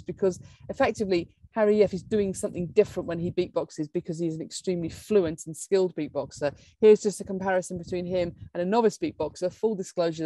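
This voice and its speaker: A woman's voice: fairly low pitch, dark tone, no echo. A woman giving an academic conference talk on neuroscience. She explains with enthusiasm, laughing now and then and restarting her sentences. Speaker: neuroscience lecturer.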